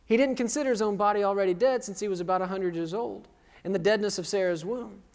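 A man's voice: high voice, quick pace, a little mellow. Preaching man in a reverberant church hall. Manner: call-and-response preaching, quizzing the congregation; jokey and self-deprecating. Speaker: pastor. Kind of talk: sermon. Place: church sanctuary.

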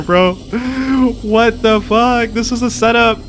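A man's voice: extremely high pitch, fairly even intonation, measured pace, few pauses, fairly bright tone, slight background noise. A young man giving let's play commentary on a survival game, jumpy and swearing a lot, yelping and panicking whenever creatures come near. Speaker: gamer.

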